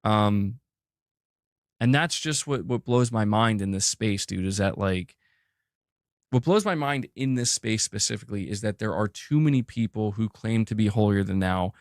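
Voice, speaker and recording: A man speaking on his own stream in an earnest, halting way, full of fillers. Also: lowish voice, dry recording, clean studio sound. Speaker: streamer in played clip. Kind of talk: casual stream talk.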